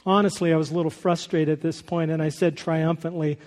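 A man's voice: on the high side, level tone, brisk, few pauses, a little mellow. A man preaching a sermon as a pastor, earnest and emphatic, reading a story aloud to his congregation. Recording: long hall reverb.

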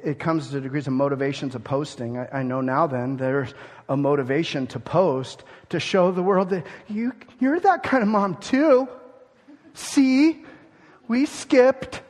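A man preaching a sermon in an animated way, acting out everyday scenes and swinging between loud outbursts and hushed asides. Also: mid-range voice. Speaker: pastor. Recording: long reverb of a large hall.

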